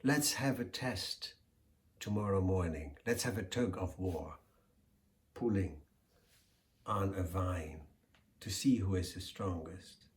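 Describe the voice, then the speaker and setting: A man's voice: low voice, takes it slowly, pauses often. A man voicing a small, clever male tortoise who talks in a coaxing, persuasive way in a storybook tale. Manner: coaxing, stammers when pleading. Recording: echoey room.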